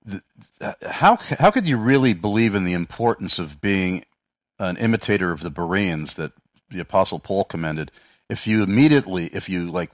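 A man's voice: low voice, no echo. A man hosting a Christian talk radio show, talking with many fillers and restarts. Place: radio studio. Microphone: studio microphone.

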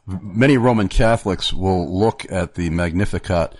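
A man's voice: low voice, normal speed, a little mellow, no echo. A man hosting a casual theological discussion, earnest and argumentative, often restarting his sentences.

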